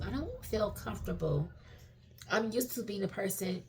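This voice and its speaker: This woman's mid-range, darkish voice moves at a normal speed as she reflects on herself in a loose, candid vlog monologue. She swears without hesitation and keeps restarting sentences and reaching for fillers.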